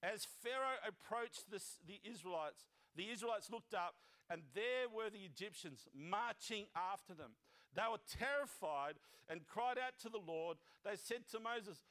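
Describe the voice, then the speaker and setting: A man's voice: high-pitched, expressive, measured pace, a bit bright. A man preaching a sermon as pastor, reading scripture and breaking into conversational, joking asides and acted-out voices.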